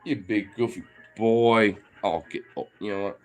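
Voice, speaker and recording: A man's voice: on the low side, measured pace, soft background music. A young man talking playfully to his dogs, teasing them and swearing as he goes. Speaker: dog owner vlogger. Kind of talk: casual talk to his dogs.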